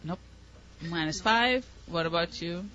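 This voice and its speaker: A woman's voice: lowish voice, a little slow, a bit bright. A woman running a live spelling contest as quizmaster, encouraging and explaining words patiently. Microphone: microphone. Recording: muffled lo-fi recording.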